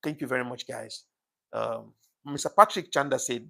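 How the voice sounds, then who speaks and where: Gravelly-voiced man hosting a livestream. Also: mid-range voice, animated, brisk, sharp tone. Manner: apologetic and thankful, repeats thanks often; emotional, says things get to him easily. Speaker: livestream host. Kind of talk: casual live-stream chat reading comments.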